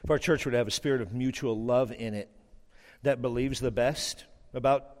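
A middle-aged male pastor preaching a sermon to his church, with humorous, animated storytelling and teasing of the congregation, recorded on a stage mic. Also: mid-range voice, normal speed. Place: church sanctuary. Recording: reverberant church hall.

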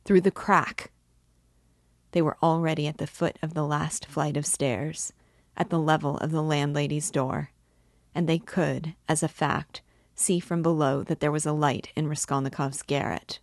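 A woman reading a classic novel aloud in a measured, even way. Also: deep voice, no echo, clean studio sound. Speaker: reader and guide.

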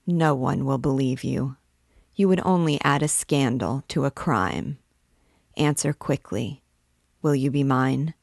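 A woman's voice: very deep voice, measured pace, gravelly, a little mellow, no echo, studio quality, exaggerated voice. A woman reading the lines of a jealous, scheming middle-aged archdeacon, menacing and solemn.

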